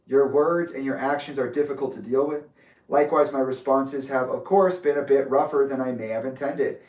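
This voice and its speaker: A man reading his own letter aloud with asides, in a measured, deliberate way. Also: mid-range voice, darkish tone. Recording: roomy echo, distant from mic.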